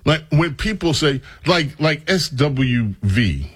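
A man's voice: on the high side, slightly rough, no room sound, studio quality. A man hosting a talk radio show, mocking and opinionated, who stretches out his words. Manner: mocking, animated, drawn-out words.

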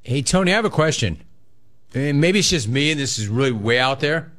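A man hosting a call-in radio show, telling a story with lively, joking delivery and acting out the voices in it. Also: mid-range voice, fairly quick.

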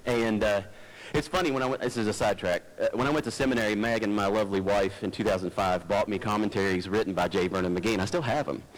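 Male pastor, chatty sermon, low-key folksy delivery, headset mic close to the mouth. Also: quick pace, poor audio. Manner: low-talking, folksy, digressive, stumbles and restarts. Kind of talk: conversational sermon.

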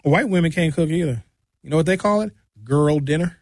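A man with a fairly high voice rants in a mocking, opinionated monologue. The sound is dry and close, with no room around it. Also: a little fast, no room sound. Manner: ranting, mocking. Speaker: commentator.

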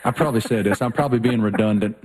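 A man's voice: on the low side, racing, a little mellow, slightly rough. A man with a Southern American accent co-hosting a sports talk show in folksy, enthusiastic casual chat. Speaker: sports radio co-host.

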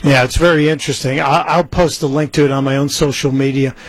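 A man's voice: medium pitch, fairly even intonation, fast talker, dry recording, poor audio. A man filling in as a talk radio host, speaking conversationally, with a few stumbles and fillers.

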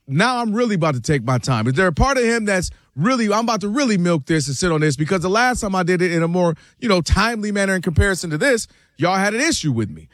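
A man's voice: sits high, no echo. A man co-hosting a sports talk show, making emphatic, speculative points and acting out quotes. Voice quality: emphatic, speculative, acts out quotes in other voices. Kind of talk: animated sports debate.

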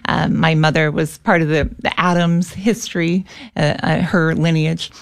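An earnest middle-aged American woman, a guest in a conversational interview, talking with quick restarts. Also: sits low, flat delivery, vocal fry. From United States.

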